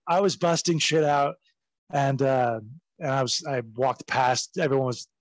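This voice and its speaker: A man telling backstage stories as a guest in a casual interview, animated and profane, laughing as he goes. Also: medium pitch, unhurried, no room sound. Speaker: guest recounting his wrestling career.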